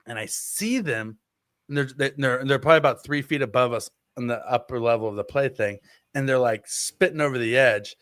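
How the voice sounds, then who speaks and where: Podcast co-host, man in his thirties, mid pitch, lively anecdote teller, dry sound. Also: normal speed, no echo. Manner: animated storyteller, acts out quotes. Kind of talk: casual chat, storytelling.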